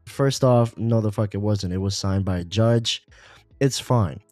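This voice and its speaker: A man's voice: on the low side, a little slow, no room sound, soft background music. A man co-hosting a podcast, talking casually about politics with lots of fillers and swearing. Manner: profane, animated, frequent fillers. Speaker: podcast co-host.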